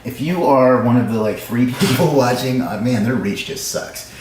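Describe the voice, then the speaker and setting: A man hosting a live stream, chatting casually with viewers in a fast, joking, self-mocking way, in a room with echo. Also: mid-range voice, darkish tone, slight background noise. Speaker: livestream host. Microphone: livestream camera setup. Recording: echoey room sound.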